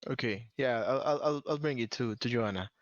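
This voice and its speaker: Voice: medium pitch, fairly quick, dry recording, muffled recording. A player in a tabletop game who stammers and repeats words. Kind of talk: casual table talk.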